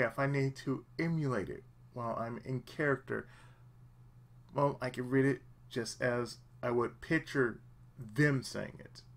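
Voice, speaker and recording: A man who hosts a let's play channel and hopes to become a voice actor speaks in a medium-pitched, slightly bright voice. In casual talk he gives earnest, emphatic advice, often repeating himself to drive the point home.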